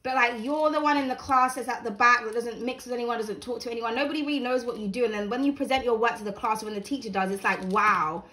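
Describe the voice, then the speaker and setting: A woman's voice: a little high, quick pace, hardly any pauses, a bit bright. A young woman giving a casual, encouraging tarot reading to camera at home, chatty and full of fillers. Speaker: tarot reader. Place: home room with blinds open.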